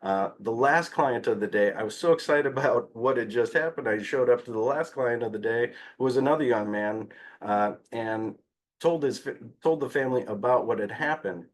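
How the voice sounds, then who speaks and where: Guy presenting at a conference, lively storytelling, lots of uh's. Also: medium pitch, normal speed. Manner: animated storyteller with frequent "uh" fillers. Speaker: behavior analyst presenter.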